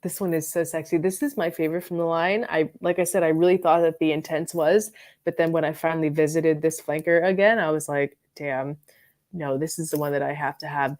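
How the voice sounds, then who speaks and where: A woman's voice: deep voice, a little mellow. A woman chatting casually on a live stream about perfumes from her bedroom, rambling with lots of fillers and giggles. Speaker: fragrance reviewer and live stream host.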